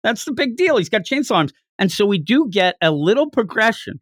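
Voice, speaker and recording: A man hosting a casual comics review podcast, recapping the action with quick asides. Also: sits high, big pitch swings, dry recording, studio quality. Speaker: podcast host. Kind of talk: casual manga review chat.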